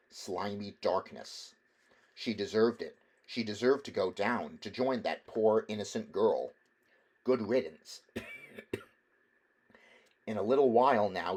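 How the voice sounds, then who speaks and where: Male audiobook reader, lowish voice, hushed intense delivery. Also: breathy edge. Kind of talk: audiobook narration.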